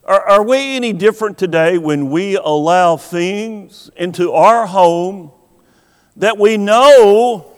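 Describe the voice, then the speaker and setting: Man, preacher, sermon, rhetorical questions, dramatic pauses, long reverb. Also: high-pitched.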